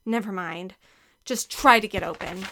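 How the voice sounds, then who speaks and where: A woman voicing a sporty, confident young girl who speaks eagerly and forcefully in a storybook reading. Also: medium pitch, measured pace, a little hiss or hum.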